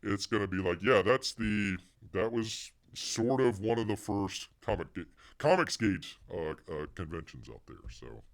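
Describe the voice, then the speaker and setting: A man's voice: lowish voice, animated, a little slow. A man hosting a casual livestream, rambling and talking about himself in the third person, his voice getting worn. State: losing his voice. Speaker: livestream host.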